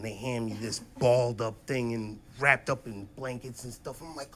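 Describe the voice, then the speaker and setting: A man in his thirties doing a profane stand-up comedy set, swinging between loud outbursts and low, muttered asides. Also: moderate pace, a little hiss or hum. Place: comedy stage before a live audience.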